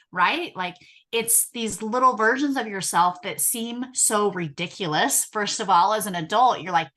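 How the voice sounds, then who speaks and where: A woman in her thirties, a hypnotherapist and inner child healer, talking earnestly and emotionally in casual conversation, slowing down on key words. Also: fairly high pitch, bright, forceful tone.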